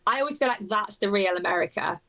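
Lively woman with gravelly edge. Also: mid-range voice, fast talker. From England. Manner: animated, emphatic, laughs often. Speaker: musician guest. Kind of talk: casual interview chat.

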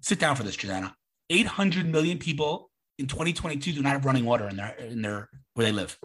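Male podcast host on a video call, emphatic and animated, bright and lively delivery. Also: medium pitch, fast, slightly rough. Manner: animated, emphatic, jumps into mocking voices when quoting people. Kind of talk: casual conversational interview.

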